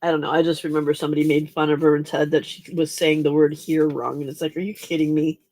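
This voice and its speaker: A tired, yawning woman hosting a late-night crafting livestream, chatting with viewers by name in a relaxed way. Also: sits low, fast talker. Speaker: livestream host.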